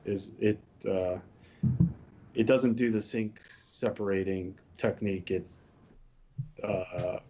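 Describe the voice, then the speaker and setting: A man co-hosting a casual tech talk, halting as he explains technical ideas with examples. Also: on the low side, steady tone, warm tone, lo-fi sound. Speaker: podcast co-host.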